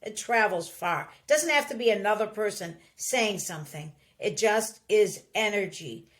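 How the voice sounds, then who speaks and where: A woman hosting a podcast in casual chat, speaking emphatically and dropping into soft, sighing asides. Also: mid-range voice, lively intonation, moderate pace. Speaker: podcast host.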